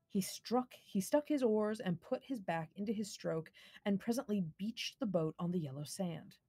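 A woman reading a fairy tale aloud on a live stream, gentle and measured, with asides to viewers. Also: mid-range voice, breathy edge, dry recording. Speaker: storybook reader.

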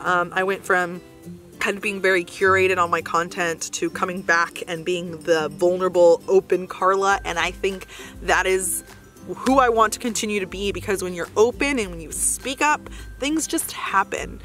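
A woman's voice: medium pitch, a bit bright. A young adult woman vlogging in a casual, upbeat, chatty way, often saying "like". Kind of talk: casual vlog chat.

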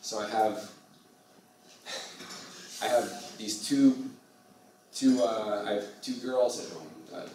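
Slow lecturer in echoey hall. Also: male voice, lowish voice, mellow, recorded from a distance, slight background noise. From United States. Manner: switches between English and halting Russian, many fillers. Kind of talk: university lecture. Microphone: far from the mic.

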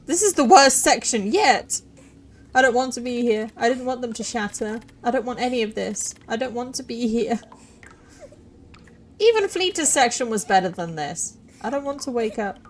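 A woman commentating her playthrough of a horror game, excitable and sarcastic, often laughing. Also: on the high side, moderate pace, slight background noise. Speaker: let's play gamer.

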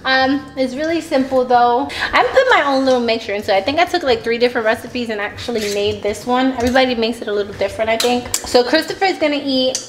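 A woman's voice: fairly high pitch, quick pace, hardly any pauses. A woman co-hosting a casual home vlog, chatting as she walks through her cookie recipe. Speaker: vlog co-host. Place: home kitchen. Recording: echoey kitchen, faint noise.

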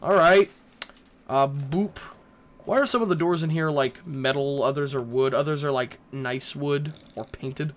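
A man's voice: fairly high pitch, a little slow, a little hiss or hum. Jittery young man rambling through a horror game. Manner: nervous, rambling, swearing, talking to game characters. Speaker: gaming YouTuber.

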